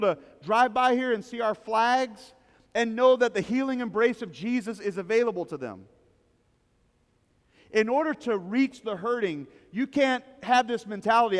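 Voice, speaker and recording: A man's voice: extremely high pitch, normal speed, long reverb tail. A male pastor preaching a sermon, emphatic and repetitive, telling stories to make his points. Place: church service in a large rented hall.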